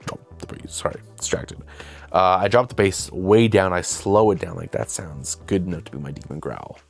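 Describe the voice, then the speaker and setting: A young man with a deep, low voice tells a loose, rambling story straight to camera. He is self-deprecating and often acts out what people said. Soft music plays faintly underneath. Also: expressive, normal speed, creaky. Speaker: video host and filmmaker.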